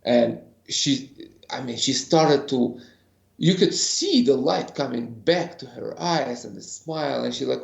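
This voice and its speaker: A man's voice: medium pitch, lively intonation, a little slow, vocal fry, echoey room. A man being interviewed as a guest, telling an earnest story and acting out what others said. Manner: earnest, re-enacts other people's words in quotes. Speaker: podcast guest, ceremony facilitator.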